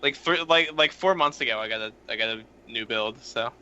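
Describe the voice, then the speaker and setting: A man's voice: medium pitch, clear, resonant tone. Young man on a dull, lo-fi mic. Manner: halting, filler-heavy, then blurts out loudly. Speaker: podcast co-host. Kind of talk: casual gaming podcast chat.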